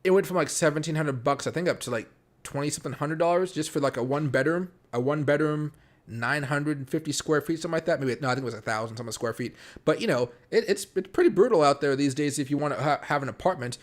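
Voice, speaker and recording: A man hosting a casual late-night crypto live stream from home, talking fast and rambling with lots of fillers and restarts. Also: a little high. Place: home room.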